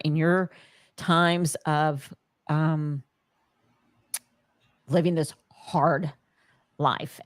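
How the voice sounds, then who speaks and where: A woman hosting a podcast, speaking gently and haltingly to her guest. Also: deep voice, no room sound, clean studio sound. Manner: gentle, halting, with many restarts. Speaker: podcast host. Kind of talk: supportive interview talk.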